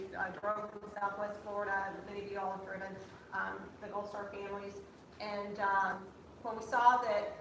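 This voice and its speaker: A middle-aged woman, a Gold Star mother and chaplain, gives a ceremony speech outdoors in the rain, halting often with fillers and restarts. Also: mid-range voice, a bit bright. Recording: distant, echoey, noisy outdoor recording.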